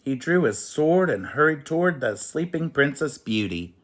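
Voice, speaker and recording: A man reading a rhyming children's picture book aloud in an expressive, sing-song way. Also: fairly high pitch, normal speed.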